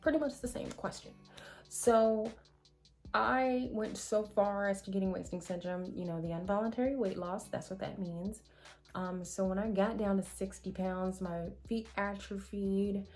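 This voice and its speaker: Chatty woman vlogging over soft music. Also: mid-range voice, fairly even intonation, normal speed. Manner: chatty and candid, with rambling asides and self-corrections. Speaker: vlogger answering viewer questions. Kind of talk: casual chat to camera.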